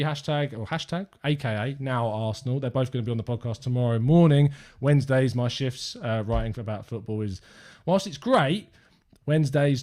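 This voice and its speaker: A man's voice: medium pitch, darkish tone. A young man with an English accent hosting a live fan-channel stream, chatting upbeat and rambling to viewers from his desk.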